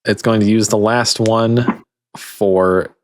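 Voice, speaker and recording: Male GM, low voice, dry close mic, relaxed rules-explainer. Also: slow pace, no room sound. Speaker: game master. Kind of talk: running a tabletop game online.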